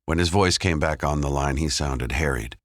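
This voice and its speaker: A man narrating a thriller audiobook in a measured, even storytelling manner. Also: very deep voice, dry recording. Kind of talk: scripted narration. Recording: dry close studio sound.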